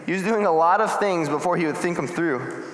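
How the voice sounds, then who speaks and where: A man's voice: fairly high pitch, brisk. A young man in his twenties preaching a casual youth sermon, acting out the scenes as he tells them. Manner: animated storytelling, acts out scenes. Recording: echoey hall.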